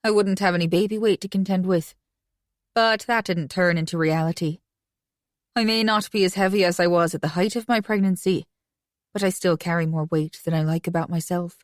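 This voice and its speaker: A woman reading a romance audiobook in first person with an even, conversational delivery. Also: on the low side, brisk, no echo, clean studio sound. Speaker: audiobook narrator.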